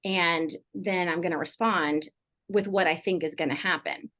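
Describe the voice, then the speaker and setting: Give me a middle-aged woman counselor in casual podcast talk, a bit low in pitch, rambling with lots of fillers. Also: fairly even intonation, moderate pace, fairly bright tone. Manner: rambling, heavy on fillers like "like" and "you know". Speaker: mental health counselor guest.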